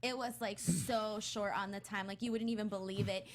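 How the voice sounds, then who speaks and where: A woman on a podcast panel, chatting casually as an excitable fan, restarting sentences and piling on fillers. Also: mid-range voice, normal speed, faint music behind. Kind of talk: casual chat.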